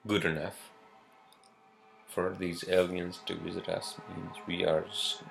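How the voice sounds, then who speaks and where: A man with a very low, gravelly voice rants his way through a casual monologue. He talks slowly and drags his words out, and he swears at nearly every turn as he hammers his points home. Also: level tone, a bit bright, faint music behind. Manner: profane, rambling, emphatic. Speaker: podcast host.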